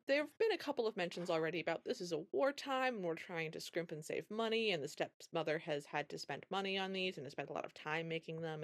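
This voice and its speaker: Low-voiced woman recapping a film. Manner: animated storytelling, acting out quotes. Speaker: podcast co-host. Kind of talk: casual chat recapping a film.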